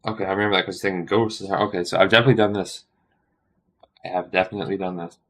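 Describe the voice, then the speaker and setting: A low, gravelly male voice, worn down with tiredness as he talks to himself over his studies. He mutters and stops partway through thoughts. He sounds out practice words one after another. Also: steady tone, rapid-fire. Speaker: language learner streaming study. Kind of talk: thinking aloud while studying.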